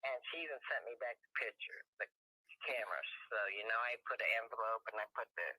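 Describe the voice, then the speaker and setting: A woman's voice: very deep voice, lively intonation, quick pace, sharp tone, husky, dry recording, low-quality recording. An older woman, a mother telling her story in an interview in a rambling, emphatic way. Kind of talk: casual interview talk.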